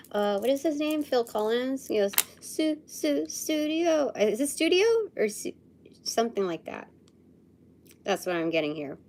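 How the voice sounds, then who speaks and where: Slow, musing woman thinking aloud. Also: fairly high pitch, darkish tone. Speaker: livestream host. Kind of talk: live intuitive channeling session.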